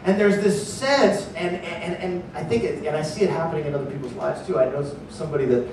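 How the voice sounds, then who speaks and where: A male pastor preaching with a slightly high voice, lively and animated, at times breaking into frantic higher voices as he acts things out. He is picked up from a distance in a very echoey church hall, with faint noise underneath. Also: fast. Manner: animated, acts out panicked voices in a raised pitch. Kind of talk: sermon.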